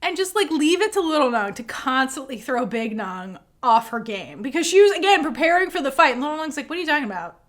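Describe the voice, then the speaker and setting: Animated woman podcaster with a lively voice. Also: high-pitched, fairly quick, few pauses. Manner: animated, acts out characters' lines with lots of swearing and laughter. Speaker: podcast co-host. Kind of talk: casual recap chat.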